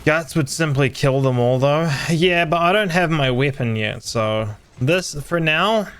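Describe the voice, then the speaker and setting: His voice is on the high side, a bit bright and smooth, at a measured pace in a dry recording. He's a young gamer streaming with friends, keeping up casual gameplay chat full of jokes, teasing and free swearing.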